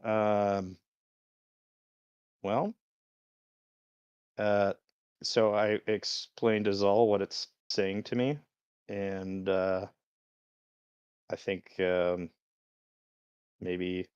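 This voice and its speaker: A man's voice: fairly low pitch, fairly even intonation, very slow, pauses often, a little mellow, clean tone, no room sound, highs cut off. A man playing a tabletop game, talking casually and explaining his reasoning with restarts. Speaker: player.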